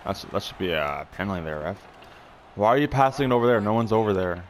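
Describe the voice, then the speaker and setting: A young man playing a hockey video game, muttering, swearing in frustration and yelling when excited. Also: lowish voice, fast, slight background noise. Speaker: gaming YouTuber. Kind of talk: casual gameplay commentary.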